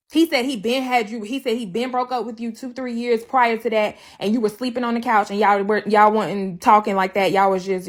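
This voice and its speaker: A slightly high, fairly bright female voice belongs to a livestreamer recounting her breakup from her own perspective. Her talk is casual and foul-mouthed, and she hammers each point by saying it again.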